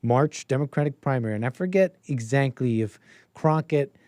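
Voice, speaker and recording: A man's voice: mid-range voice, lively intonation, moderate pace, a little mellow, no room sound, clean studio sound. A man hosting a casual political commentary stream, rambling, thinking aloud and laughing often. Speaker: host.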